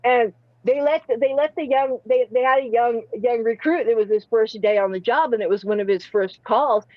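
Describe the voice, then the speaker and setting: A woman hosting a livestream panel, spinning crude comic anecdotes with constant restarts and rambling tangents. Her voice sits a bit high for a woman. The sound is dry and slightly muffled, with no room echo. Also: moderate pace. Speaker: streamer hosting a live panel. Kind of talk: rambling comedic storytelling.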